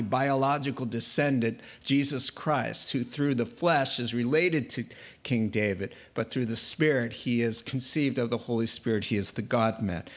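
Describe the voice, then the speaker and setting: A man preaching a sermon, telling a Bible story in an animated, playful way. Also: medium pitch. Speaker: pastor.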